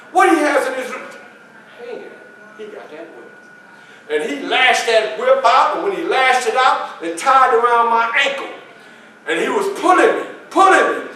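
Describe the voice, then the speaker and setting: Playing a historical figure in the first person, this reenactor entertains a library crowd with folksy storytelling, asking them questions and taking on the roles of other characters. He speaks with an extremely high, fairly bright voice. The audio, from a distant camera in an echoey meeting room, carries a slight hiss or hum.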